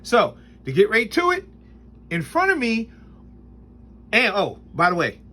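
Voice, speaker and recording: A man's voice: high voice, wildly swooping pitch, unhurried, pushed and bright. A man hosting a casual knife review, rambling and chuckling, with emphatic stress when he lays out rules. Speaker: host of a knife review channel. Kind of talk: casual spoken product review.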